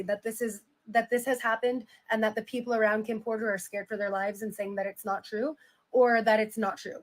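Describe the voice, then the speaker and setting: A woman's voice: on the high side, rough recording. A woman giving casual reaction commentary, chatty and full of "like" fillers as she retells a story. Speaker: commentator reading a memoir aloud.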